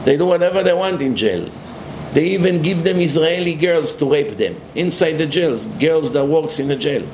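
A man's voice: a little high, lively intonation, moderate pace, darkish tone, roomy sound, a little hiss or hum. A man giving a religious lecture, emphatic and full of rhetorical questions.

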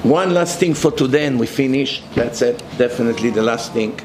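A man's voice: mid-range voice, fairly quick, background noise. Emphatic male religious lecturer, echoey room. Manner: emphatic, rhetorical questions.

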